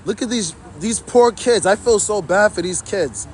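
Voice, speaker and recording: High-voiced man ranting to chat. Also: moderate pace, a little hiss or hum. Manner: indignant, repetitive, addresses chat. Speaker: livestreamer. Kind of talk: outdoor livestream commentary.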